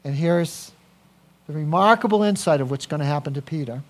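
A man preaching a sermon as a pastor, animated, swinging from quiet to loud with personal asides. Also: on the high side, fairly quick.

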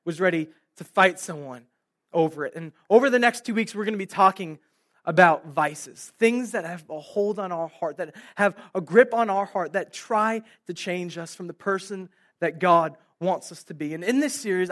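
Young male preacher, bright and forceful, acts out the lines in his stories. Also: high-pitched, normal speed. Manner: animated storytelling, acting out dialogue. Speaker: pastor. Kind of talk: sermon with storytelling. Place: room with live audience.

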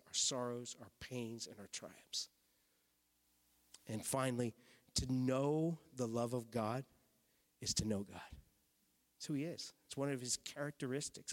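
A male pastor delivers a sermon in a church sanctuary, speaking in a loose, conversational way with bursts of emphasis. At times he drops to a hushed, intense tone. His medium-pitched voice carries a long reverb from the hall.

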